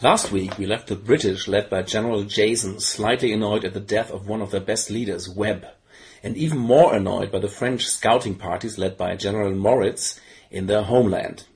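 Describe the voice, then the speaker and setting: A man's voice: on the low side, normal speed, darkish tone. A man narrating a board game session recap in a playful, mock-dramatic way, teasing the players and dropping in French phrases.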